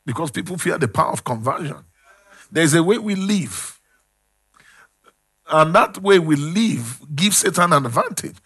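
A man preaching a sermon, calling out questions to the congregation and swinging between loud and hushed. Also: a little high, animated, a little slow, pauses often, slightly rough. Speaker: pastor.

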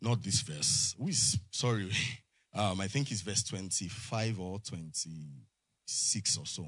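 A man's voice: low-pitched, expressive, takes it slowly, a bit bright, husky, no echo. A man preaching a sermon to his congregation, prompting them with call-and-response and frequent amens. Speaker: pastor. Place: church.

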